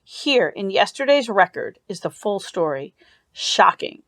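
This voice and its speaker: A woman's voice: mid-range voice, very animated, unhurried, a bit bright, no echo. A woman reading the speech of a pompous middle-aged businessman, orating emphatically.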